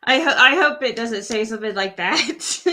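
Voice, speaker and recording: A woman in her sixties hosting a casual late-night livestream chat, relaxed and chatty, laughing often. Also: fairly high pitch, a little slow, a little hiss or hum. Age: 60s. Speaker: livestream host.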